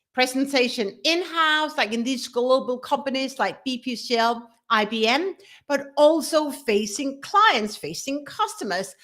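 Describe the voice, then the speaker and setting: A middle-aged woman with a high voice talks slowly and earnestly as a leadership coach. She often restarts and corrects herself mid-sentence, sharing a personal story straight to camera. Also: fairly bright tone.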